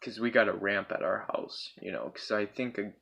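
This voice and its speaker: A man's voice: lowish voice, normal speed, vocal fry, a bit bright, slightly rough. A young man casually telling a personal story, rambling and swearing a lot, often checking in with his listeners. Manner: profane, rambling, checks in with 'right?' and 'bro'.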